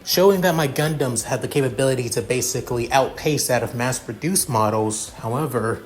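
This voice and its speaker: A man's voice: medium pitch, brisk, soft background music. A man improvising a fan fiction narration, rambling with many restarts.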